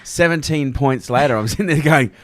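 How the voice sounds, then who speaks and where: A man's voice: a little high, fairly quick, a bit bright, no room sound. A man hosting a podcast in a studio, talking enthusiastically with lots of casual fillers. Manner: enthusiastic, lots of "you know" and "literally" fillers. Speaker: podcast host. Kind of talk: casual interview.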